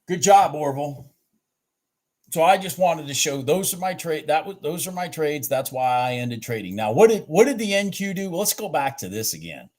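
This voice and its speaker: A man hosting a trading channel, reviewing his live trades on charts in a lively, swearing, self-talking way. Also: fairly high pitch, moderate pace. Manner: animated, swears and talks to himself about the charts.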